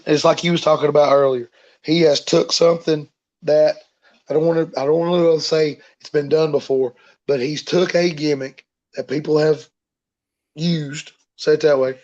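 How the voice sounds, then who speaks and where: Male wrestler guest with a slightly high voice and a rambling, folksy delivery; muffled recording. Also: steady tone, normal speed, a little mellow. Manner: rambling, repeats himself, folksy. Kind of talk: casual storytelling in an interview.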